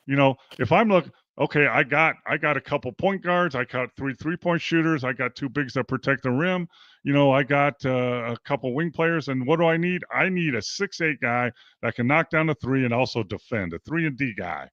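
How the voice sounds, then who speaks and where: With a medium-pitched voice at normal speed, the former pro turned basketball coach, an older man, animatedly performs quotes while storytelling in a casual interview. The sound is lo-fi, without echo.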